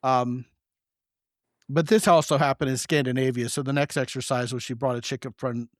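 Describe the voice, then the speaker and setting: A man hosting a podcast, telling stories in a joking, animated way. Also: mid-range voice, moderate pace, no echo, studio quality. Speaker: podcast host. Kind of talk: casual podcast conversation.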